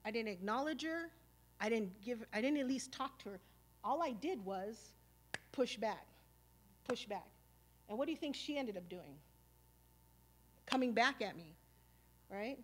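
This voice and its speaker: A woman, telling stories on stage at a live event. Her voice sits a little high. She talks in a casual, streetwise way, swearing freely and filling her talk with "you know" and "like". She slips into the voices of the people in her old arguments. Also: measured pace, pauses often. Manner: animated, acting out past arguments. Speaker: speaker. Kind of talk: storytelling talk at a symposium.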